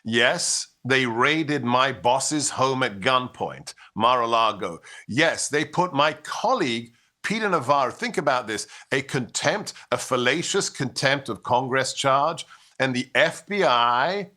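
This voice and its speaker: A middle-aged man, an immigrant to the United States, speaks as a guest commentator with a forceful, bright, ringing tone. He talks in emphatic rhetoric and drives each point home, slipping into stories along the way. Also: medium pitch, lively intonation, a little slow. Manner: forceful, rhetorical, with storytelling and impressions.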